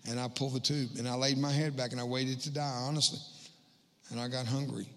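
A middle-aged man giving a humorous spoken testimony as a guest speaker in a church, landing quick self-mocking punchlines. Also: medium pitch, flat delivery, fairly bright tone, slight background noise. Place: church hall. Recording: long hall reverb.

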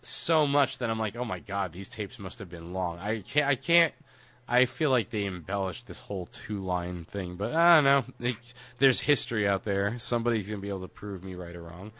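A man with a lowish, sharp-toned voice co-hosts a podcast at normal speed, with no room sound. He chats casually and rambles, laughing often and swearing casually.

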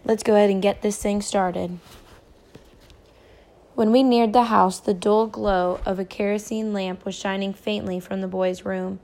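A woman reads a novel aloud in a steady, clear narrating voice. Her pitch sits in a middling range for a woman. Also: unhurried. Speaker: reader.

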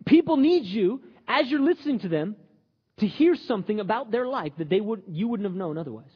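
A man preaching with a high, very lively voice that leaps up and down as he jokes and talks to the crowd. His tone is a little husky, and the sound is muffled, with a long reverb tail from a large hall. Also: brisk. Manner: animated, joking, conversational preaching. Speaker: pastor. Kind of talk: sermon.

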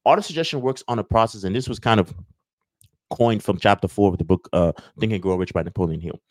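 Fast-talking man with a rambling teaching style. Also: lowish voice, darkish tone, no room sound. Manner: rambling, acts out little scenes with voices. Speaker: self-help video host. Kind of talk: casual teaching talk to viewers.

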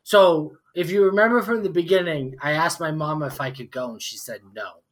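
A man's voice: fairly high pitch, moderate pace. A tipsy man in his forties, a podcast guest, telling a story in a casual, profane way with lots of fillers. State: tipsy from drinking.

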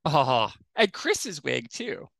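A man guesting on a podcast, talking about films in an animated, jokey way. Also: fairly high pitch, slow pace, gravelly, no room sound. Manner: animated, jokey, slips into impressions. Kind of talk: casual film discussion.

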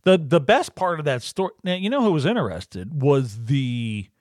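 Animated swearing man telling stories. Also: fairly high pitch, moderate pace, dry recording, studio quality. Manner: animated storytelling, swears, acts out quotes. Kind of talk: casual chat.

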